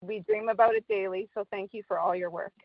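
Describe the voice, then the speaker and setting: A woman's voice: a little high, wildly swooping pitch, fast talker, gravelly, a little hiss or hum. Grateful woman caller on a dull line. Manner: earnest, grateful. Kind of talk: heartfelt call-in testimony. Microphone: remote call audio. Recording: dull, dry call line.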